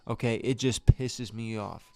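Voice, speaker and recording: In a podcast studio, a male host gives a casual fight review, exasperated and profane, stammering and restarting his sentences. His mid-range voice is creaky and unhurried, with fairly even intonation.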